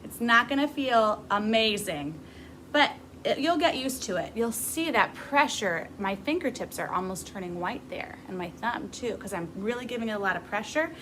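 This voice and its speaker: A woman's voice: a little high, animated, normal speed, fairly bright tone, a little hiss or hum, rough recording. A grown woman teaching a beginner music class to camera, patient and encouraging as she demonstrates. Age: adult.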